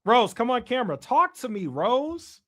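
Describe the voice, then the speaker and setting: A young Chicagoan hosting a casual stream teases viewers as he reads their comments. His voice is extremely high and sharp, with big pitch swings at normal speed.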